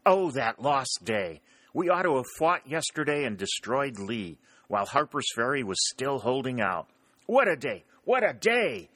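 Man reading as a commanding colonel, emphatic, bright forceful tone, dry sound. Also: fairly low pitch, big pitch swings, normal speed, no room sound, exaggerated voice. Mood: dismayed. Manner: emphatic, exclaiming. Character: commanding middle-aged male Union colonel, emotional.

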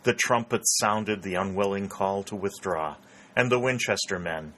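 A man narrating a novel in a steady, measured reading. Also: lowish voice, a little hiss or hum. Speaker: audiobook narrator. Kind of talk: scripted narration.

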